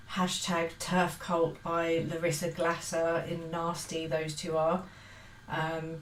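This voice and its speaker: Earnest low-voiced woman in an echoey room. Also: distant mic. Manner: hesitant, many fillers and restarts, earnest. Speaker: book vlogger. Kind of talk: casual book-review monologue. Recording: roomy echo, set back from the mic, faint hiss.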